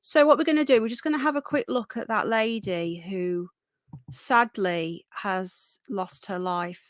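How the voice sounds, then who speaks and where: A woman with a mid-range voice hosts a casual livestream at a measured pace, chatting and greeting viewers by name. She has a runny nose and seems a bit unwell, and the recording is dry.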